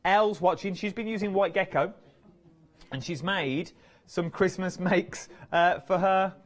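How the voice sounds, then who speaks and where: A man's voice: sits high, unhurried. A man presenting crafts on a live TV shopping channel, chatty and playful. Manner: chatty, playful, lively banter. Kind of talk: live TV sales chat. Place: TV studio.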